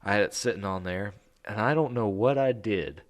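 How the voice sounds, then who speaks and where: A man's voice: fairly low pitch, normal speed. A man hosting a podcast, chatting casually and telling a rambling story with lots of fillers and easy laughs. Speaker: podcast host. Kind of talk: casual chat.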